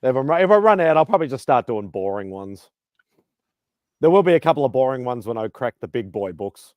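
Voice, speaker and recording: A man hosting a casual online chat show, rambling and swearing casually between quick laughs. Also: medium pitch, big pitch swings, darkish tone, dry recording. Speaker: podcast host.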